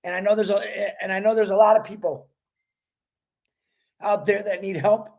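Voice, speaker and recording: A man's voice: high-pitched, steady tone, normal speed, a little mellow. A man hosting a livestream, talking in an earnest, rambling way and thanking viewers by name; he is emotional. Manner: earnest, religious. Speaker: livestream host.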